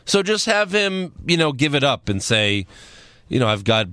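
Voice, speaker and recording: A man talks through a wrestling show in a loose, sarcastic ramble. His voice sits a bit high and swings widely in pitch. The sound is close and dry. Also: sing-song, normal speed, sharp tone, smooth, no room sound. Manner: rambling, sarcastic, recaps events. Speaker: podcast co-host. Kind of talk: casual wrestling recap chat.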